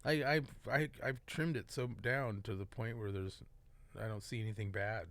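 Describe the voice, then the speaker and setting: A man's voice: on the low side, normal speed, a bit bright, dry recording. A man co-hosting a comedy podcast, joking around and reading a listener's post aloud in casual chat. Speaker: podcast co-host.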